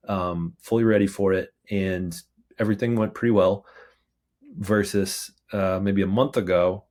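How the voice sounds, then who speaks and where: A man hosts a relaxed interview with a very low-pitched voice. He talks hesitantly, restarting his sentences and filling the gaps with 'um' and 'like'. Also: normal speed. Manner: hesitant, restarts and filler words. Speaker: podcast host. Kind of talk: casual interview chat.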